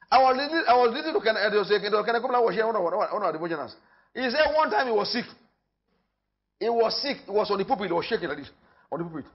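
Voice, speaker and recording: A man with a Nigerian accent preaching a sermon in church. He talks with emphasis, repeats his phrases and swings from loud to hushed. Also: sits high, big pitch swings, very fast, highs cut off. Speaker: pastor.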